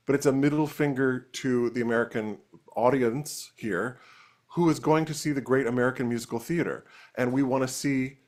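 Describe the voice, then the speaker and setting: A man on a casual talk show, ranting with rising anger about a topic he cares about. His pitch is mid-range and his delivery is conversational but heated. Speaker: co-host.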